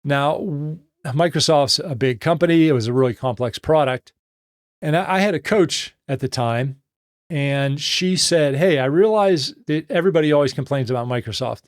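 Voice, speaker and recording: A man's voice: a little high, dry recording, studio quality. A middle-aged man hosting a live Q&A, telling a workplace story and acting out the dialogue in it before giving advice. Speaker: host answering listener questions.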